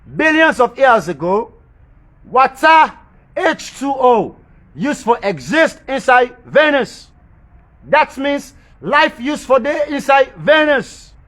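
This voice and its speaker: High-voiced man musing on the planets. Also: big pitch swings, slow. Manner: repeats phrases for emphasis, chuckles softly to himself; talks in creole-tinged informal English. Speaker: social media commentator. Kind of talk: rambling spoken monologue about planets and religion.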